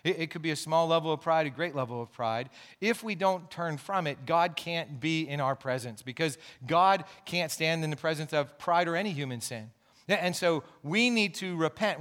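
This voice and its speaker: A man's voice: a little high, a bit bright. A man pastor preaching a sermon in an earnest, explaining way, with asides and restarts.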